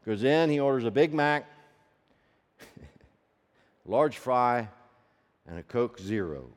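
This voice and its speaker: A man preaching a sermon as a story, swinging from loud peaks to hushed low tones and asking the audience rhetorical questions. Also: expressive, slow. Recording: long reverb of a large hall.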